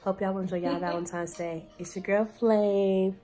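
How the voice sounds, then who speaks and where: Hoarse young woman vlogging chattily. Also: medium pitch, flat delivery, moderate pace, mellow, faint music behind. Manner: chatty, laughing often, addresses viewers as y'all. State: hoarse, deep morning voice. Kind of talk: casual vlog chat.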